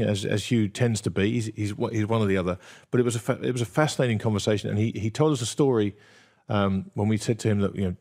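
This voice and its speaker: Low-voiced hesitant male host. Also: darkish tone. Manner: hesitant, many ums and restarts. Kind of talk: interview hosting.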